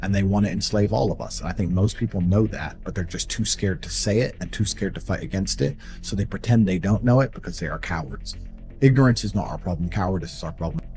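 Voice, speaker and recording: A man's voice: low voice, fast, music in the background. A man giving a blunt motivational talk in short, repetitive, declarative statements. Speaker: motivational speaker.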